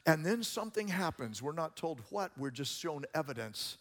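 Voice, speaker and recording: A man preaching a sermon as a pastor, moving between hushed passages and loud, emphatic ones. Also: a little high, big pitch swings, normal speed, in a large hall.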